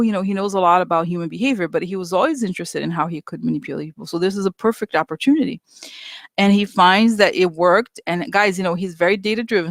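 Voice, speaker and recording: A psychic reader talking through questions in a loose, rambling way, full of fillers and acted-out quotes. The voice sits at a middle pitch. The sound is dry and close, with no room echo. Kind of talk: casual commentary.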